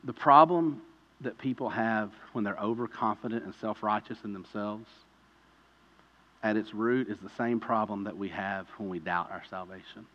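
A man preaching a sermon in a conversational way, telling vivid stories and building to loud pleading peaks. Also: on the low side, normal speed, muffled recording. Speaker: pastor.

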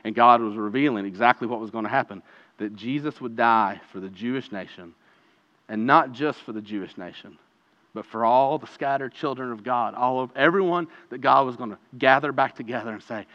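A man preaching a conversational sermon as pastor, earnest and emphatic, moving between hushed and loud delivery. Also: medium pitch, fairly quick. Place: church sanctuary. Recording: reverberant hall, dull lo-fi sound.

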